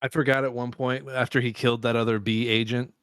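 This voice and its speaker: A man in casual podcast chat, his voice sitting at an ordinary pitch for a man. He swears freely and laughs as he retells movie scenes. The recording is dry and close. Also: flat delivery, quick pace, fairly bright tone, smooth, no echo. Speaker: podcast co-host.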